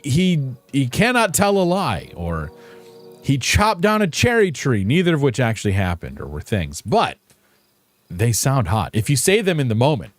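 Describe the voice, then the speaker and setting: A man streaming a game, chatting casually with viewers in a playful, rambling, self-mocking way. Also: medium pitch. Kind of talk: casual live-stream chat.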